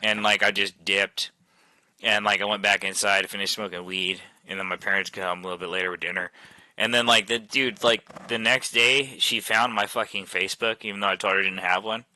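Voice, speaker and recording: A man hosting a voice chat with friends tells a long, loose, profane story studded with "like" fillers, using a headset mic. His voice is fairly low in pitch, steady and sharp in tone, and brisk, with a dry recording.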